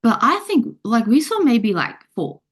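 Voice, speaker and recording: A woman's voice: a little high, very animated, a little slow, husky. A woman guesting on a podcast, chatting casually with lots of loose asides. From Australia. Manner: chatty, rambling with fillers. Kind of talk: casual chat.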